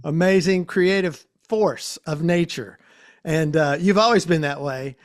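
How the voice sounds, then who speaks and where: Age and accent go unstated, but what you hear is a man with a notably high-pitched speaking voice, gushing with praise and laughing often as he hosts a podcast interview. He talks to his guest in a casual, chatty way over a video call. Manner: effusive, enthusiastic, quick to laugh. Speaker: podcast host.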